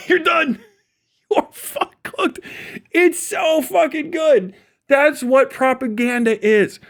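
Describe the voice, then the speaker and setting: High and a bit bright, the voice belongs to a young man from Ohio, USA, who is ranting live on stream. Cursing nonstop, he laughs at his own humor as he goes.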